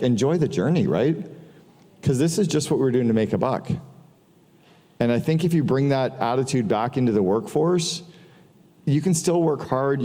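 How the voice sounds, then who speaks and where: A man's voice: medium pitch, dark tone. A middle-aged man giving a casual, profane business talk to an audience, telling stories with quoted dialogue. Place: large hall before an audience. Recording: long hall reverb.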